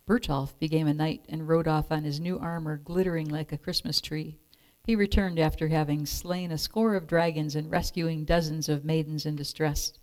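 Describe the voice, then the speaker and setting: A woman reading a children's storybook aloud in a clear, expressive way. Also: low voice.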